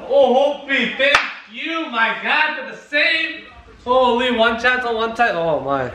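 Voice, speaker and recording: A man reacting live to a hockey game, shouting, cheering and swearing. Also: very high-pitched, lively intonation, measured pace, reverberant, noisy background.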